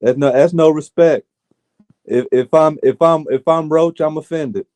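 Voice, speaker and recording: A man co-hosts a casual sports chat, hammering his points home by repeating them. His voice is a little higher than most men's and has a mellow, dark tone. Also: a little slow, dry recording. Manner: emphatic, repeats himself for weight. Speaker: podcast co-host.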